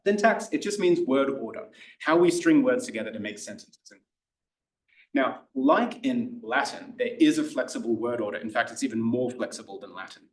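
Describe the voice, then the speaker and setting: A man with an Australian accent gives a relaxed, enthusiastic lecture, often restarting phrases and filling pauses. His voice sits at a middling pitch for a man. The sound is roomy and echoey, with the speaker set back from the microphone. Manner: chatty, enthusiastic, lots of fillers and restarts. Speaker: Greek tutor. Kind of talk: classroom lecture. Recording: echoey room, voice somewhat far from the mic.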